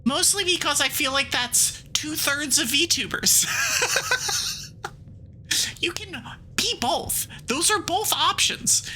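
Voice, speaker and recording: A woman streaming a game as a VTuber, chatting casually in a rambling, playful way full of quick asides and giggles, and reading the game's text aloud. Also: sits high, lively intonation, bright, forceful tone, a little hiss or hum, rough recording.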